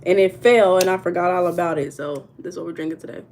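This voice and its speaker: A woman's voice: fairly low pitch, fairly even intonation, quick pace, darkish tone. An American woman hosting a live tarot stream on her phone, talking easily to her viewers and answering their comments one by one. Her slang is loose and friendly. A faint hiss of background noise sits under her voice. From United States. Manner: chatty, reads viewer comments aloud, Southern-style slang. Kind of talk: casual livestream chat. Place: home room.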